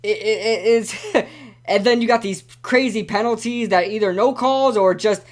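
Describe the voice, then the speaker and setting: A man's voice: sits high, normal speed. A young man hosting a casual live-stream sports talk show, rambling and ranting animatedly with lots of repeats.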